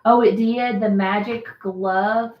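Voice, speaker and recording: A woman's voice: medium pitch, steady tone, slow pace, lo-fi sound, a little hiss or hum. A woman hosting a casual live stream, chatting and laughing often as she answers viewer comments. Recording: roomy echo.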